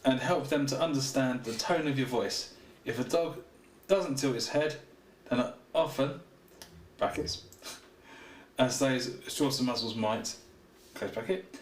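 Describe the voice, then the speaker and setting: A man's voice: medium pitch, slow. Man, set back from the mic. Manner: laughs easily, reads facts aloud. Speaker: podcast co-host. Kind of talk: casual chat. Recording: echoey room, distant mic, faint noise.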